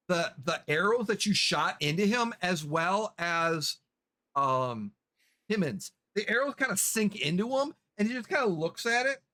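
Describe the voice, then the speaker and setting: A game master who runs a tabletop game, narrating slowly and haltingly with lots of restarts. The pitch swings widely. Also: a bit bright. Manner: halting, with many fillers and restarts.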